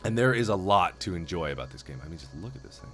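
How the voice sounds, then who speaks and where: A young man in his twenties giving jokey, excitable commentary while playing a video game. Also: deep voice, fast, soft background music. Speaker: let's play host. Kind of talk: gameplay commentary.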